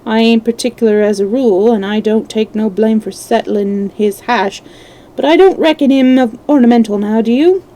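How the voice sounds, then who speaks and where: A woman reading aloud and voicing a wounded, scheming old male pirate in rough sailor dialect. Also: on the high side, moderate pace, dark tone, close to an everyday voice, rough recording. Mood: sly, wheedling.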